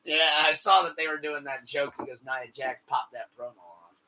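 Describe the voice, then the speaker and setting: A man hosting a podcast in casual chat, excitable and swearing, laughing often. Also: a little high, moderate pace, crowd noise. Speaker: podcast host.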